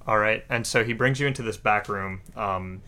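A man narrating a tabletop game as game master in a relaxed, hesitant way. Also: lowish voice, normal speed, slight background noise.

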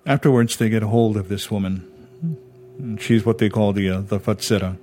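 A man from Hawaii telling a personal ghost story in a measured, dramatic, conversational way. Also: fairly low pitch, fairly even intonation, dark tone. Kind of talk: spoken storytelling. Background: music.

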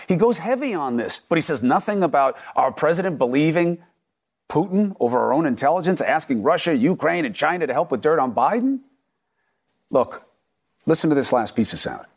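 A man's voice: fairly high pitch, sing-song, fairly quick, slightly rough. A middle-aged man anchoring a cable news commentary segment, punchy and emphatic, firing off rhetorical questions.

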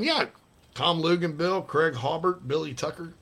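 A man's voice: a little high, a little slow, bright, forceful tone, a little hiss or hum. A middle-aged man hosting a casual sports talk show, rambling and reading out listener messages. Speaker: sports radio host.

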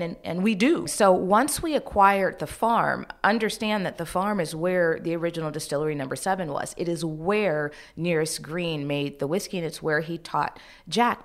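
A woman interviewed as a guest, telling a story with energy and acting out the people she quotes. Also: fairly low pitch. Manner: lively storyteller who acts out quoted dialogue.

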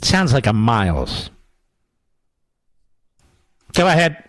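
A man's voice: mid-range voice, big pitch swings, takes it slowly, a bit bright, a little hiss or hum. A man hosting a talk radio show, sarcastic and mocking as he rips into clips of his opponents. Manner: sarcastic, mocking, mimics others. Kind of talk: combative political commentary.

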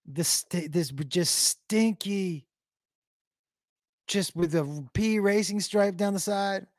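Man, casual profane storytelling, live chat, slightly high voice, dry close sound. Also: takes it slowly, no room sound. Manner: profane, animated, does silly noises. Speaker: comedian streamer reading chat.

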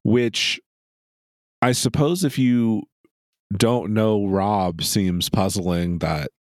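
A man's voice: fairly low pitch, steady tone, very slow, no room sound. A man co-hosting a podcast, recapping an episode in a dry, sardonic way with casual swearing. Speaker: podcast co-host.

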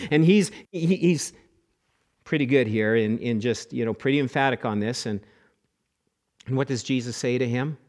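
A middle-aged man preaching a sermon as pastor, animated, acting out quoted voices and repeating words as he goes. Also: medium pitch, fairly quick.

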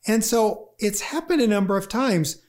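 A grief lecturer giving a talk, speaking conversationally and acting out inner voices in quick asides. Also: medium pitch, lively intonation, darkish tone. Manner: conversational, with fillers. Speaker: grief lecturer and workshop leader. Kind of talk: talk on grief and positive thinking.

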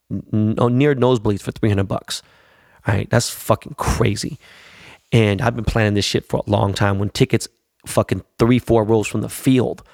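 A man's voice: fairly low pitch, a little mellow, dry recording, studio quality. A man chatting casually about his weekend in a slangy, profane, rambling way. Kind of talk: casual chat.

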